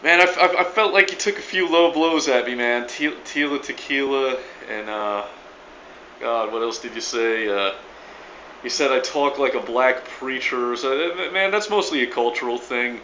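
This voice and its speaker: A man's voice: medium pitch, normal speed, pushed and bright, highs cut off, slight background noise. A man from New Orleans with a local accent, recording an emphatic, stammering video reply and swearing casually. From New Orleans area. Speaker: video blogger.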